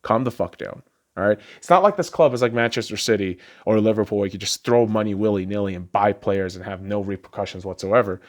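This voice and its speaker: Ranting profanely and casually about sports, a podcast host laughs frequently at a quick pace. His voice veers from low mutters up to high, excited outbursts.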